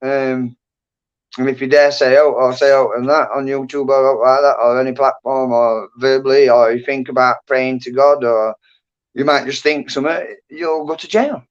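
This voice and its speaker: A man's voice: medium pitch, steady tone, moderate pace, smooth. A man, chatting casually and rambling on a livestream, often trailing off into mumbles. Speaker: livestream host. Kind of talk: casual chat. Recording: dull lo-fi stream audio.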